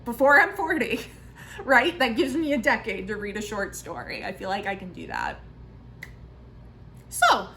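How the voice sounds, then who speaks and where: A woman in her thirties chatting casually in a book vlog, self-mocking and full of quick asides. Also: mid-range voice, pushed and bright, a little hiss or hum, poor audio. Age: 30s. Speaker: book vlogger.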